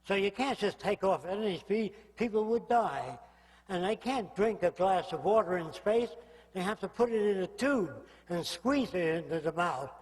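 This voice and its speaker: An older man gives a public lecture bluntly and provocatively, frequently pausing to ask listeners if they follow. His voice is high for a man, with lively intonation and a darkish tone, and long hall reverb trails his words.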